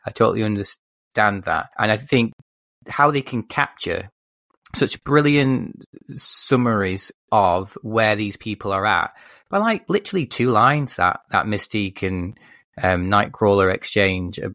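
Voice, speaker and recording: A man's voice: on the low side, a little slow, no room sound, clean studio sound. A man, co-hosting a podcast and chatting animatedly about a film, often stopping to restart his sentences. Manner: animated, self-interrupting film commentary. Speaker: podcast co-host. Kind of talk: casual chat.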